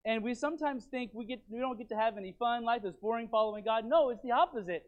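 A man preaching a sermon as pastor in his church, rambling and repeating himself with animated stops and starts. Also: very high voice, fast. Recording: tinny phone-like sound.

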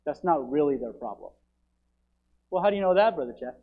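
A pastor preaching a sermon, swinging between loud, urgent declarations and quiet, low asides. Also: male voice, lively intonation, a little fast, phone-quality sound.

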